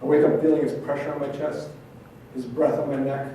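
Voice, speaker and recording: At an indoor event venue, a male trauma therapist delivers a dramatic spoken-word piece built on repetition and intense rhetorical questions. He has a mid-range, warm voice with vocal fry, a steady tone, and a brisk pace. It's recorded from a distance in an echoey room with slight background noise.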